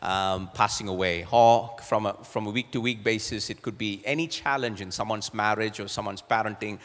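A man's voice: lowish voice, normal speed, fairly bright tone. A middle-aged man preaching as a pastor, earnest, sometimes repeating words as he searches for a phrase. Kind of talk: sermon. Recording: long hall reverb.

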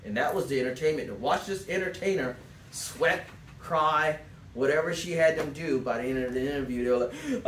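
A man giving a sales coaching talk to a small group, telling stories in a loose, animated way and acting out quotes. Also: medium pitch. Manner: animated storyteller, acts out quotes, loose rambling phrasing. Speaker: sales trainer. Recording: echoey room, mic at a distance, faint background noise.

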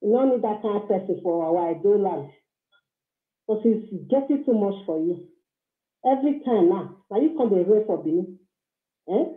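A woman's voice: mid-range voice, lively intonation, moderate pace, long pauses. A woman speaking Nigerian Pidgin English, calling in to rant angrily and hurl insults at someone. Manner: scolding, insulting, heated. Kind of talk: angry phone-in rant. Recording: tinny echoey phone line.

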